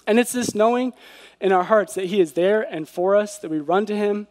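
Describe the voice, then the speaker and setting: A man with a high voice delivers an earnest devotional sermon, often turning to his listeners with rhetorical questions. His words ring out in a hall with a long, lingering reverb. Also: normal speed, darkish tone. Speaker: preacher.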